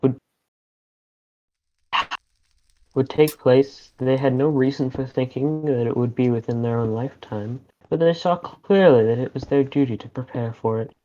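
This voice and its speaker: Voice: mid-range voice, normal speed, few pauses, dark tone. A game player reading a book aloud and narrating in a playful, mock-grand way over voice chat. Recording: lo-fi voice chat audio.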